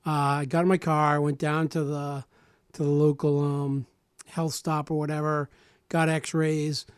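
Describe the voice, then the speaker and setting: Man, forties, radio storyteller, slightly high voice, dry close sound, animated, repeats words and restarts. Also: unhurried, smooth, no echo. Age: 40s. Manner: animated storyteller who acts out other people's lines. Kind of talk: casual radio talk, telling a personal story.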